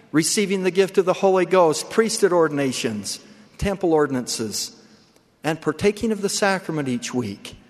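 Earnest man preaching in a reverberant hall. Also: on the high side. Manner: measured, earnest address with deliberate pauses. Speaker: church leader. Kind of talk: sermon.

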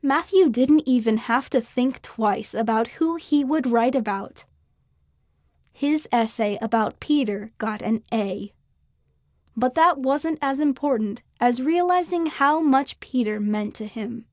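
Woman narrating a children's story, fairly high. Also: unhurried, no room sound, studio quality. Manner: clear, expressive storytelling.

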